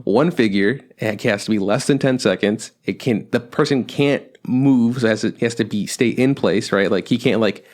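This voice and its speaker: A man's voice: mid-range voice, moderate pace, few pauses. A young man chatting on a podcast, rambling with lots of fillers and swearing. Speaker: podcast co-host. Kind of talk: casual chat.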